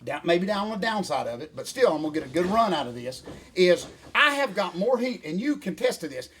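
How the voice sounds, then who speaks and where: Animated older man, high voice. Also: brisk, a little hiss or hum. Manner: folksy, animated rant with Southern phrasing. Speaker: co-host. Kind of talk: casual chat.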